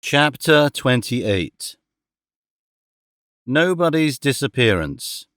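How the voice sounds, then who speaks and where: A man reading a classic novel aloud as an audiobook narrator, in a measured, steady manner. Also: medium pitch, dry recording, studio quality. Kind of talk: scripted narration.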